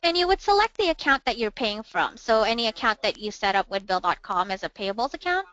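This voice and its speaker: A woman walking viewers through a software demo step by step, calmly narrating each click in a webinar. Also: fairly high pitch, fairly quick. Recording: dull, dry, lo-fi webinar audio.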